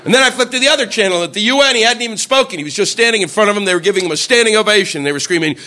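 A man's voice: high voice, expressive, rapid-fire, few pauses, bright, forceful tone, a little hiss or hum. A man doing a profane stand-up routine, incredulous and acting out voices. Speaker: stand-up comedian.

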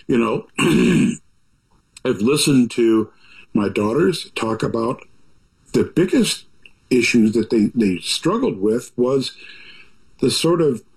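Older guy, chatty and folksy, rambles with lots of asides, mid-pitch voice. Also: animated, slow, creaky, long pauses, poor audio. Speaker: author talking about his book. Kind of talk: reflective conversational monologue.

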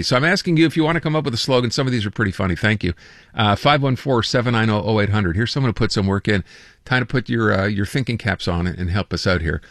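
A man's voice: medium pitch, fairly bright tone, no room sound, studio quality. A man hosting a call-in radio show, chatting casually and reading listener texts aloud with amusement. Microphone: studio microphone.

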